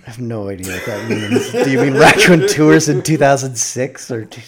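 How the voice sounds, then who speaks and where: A young man co-hosting a casual podcast chat, excitable and quick to laugh. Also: a loud crowd. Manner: excitable, laughs often, pitch jumps when animated. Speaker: podcast co-host.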